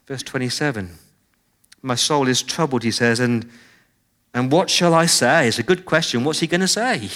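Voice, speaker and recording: A man preaching a sermon in church, expressive, with dramatic swings in loudness and pitch, and he slows down on key phrases. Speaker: pastor.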